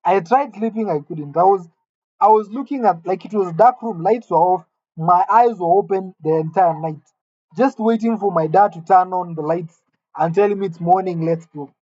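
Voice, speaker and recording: A man's voice: sits high, normal speed, darkish tone, no echo, highs cut off. A man from Kenya, telling a candid, self-deprecating personal story in a conversational way.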